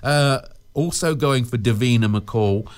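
A man's voice: medium pitch, a little slow, smooth. A British man presenting a casual radio show, chatting in a rambling way with lots of fillers and restarts.

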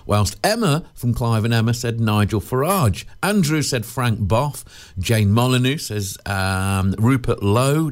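Rambling, jokey radio host. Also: male voice, medium pitch. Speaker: radio presenter. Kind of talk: chatty radio patter. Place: radio studio.

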